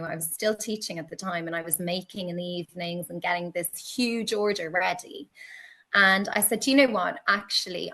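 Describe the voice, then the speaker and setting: A woman being interviewed, telling stories in a lively way and acting out her own past reactions. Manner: animated, acts out her past self in high exclaims. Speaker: guest, teacher and candle maker. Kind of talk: conversational interview storytelling.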